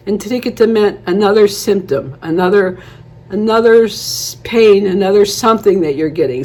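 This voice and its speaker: A woman's voice: medium pitch, a little fast, mellow. A woman in her eighties chatting casually to camera, rambling through stories and laughing often. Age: 80s. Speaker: beauty vlogger.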